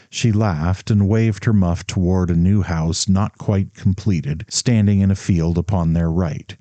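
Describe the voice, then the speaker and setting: A man narrating a classic novel in a steady, measured reading. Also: low voice, no room sound. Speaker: audiobook narrator. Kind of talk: scripted narration.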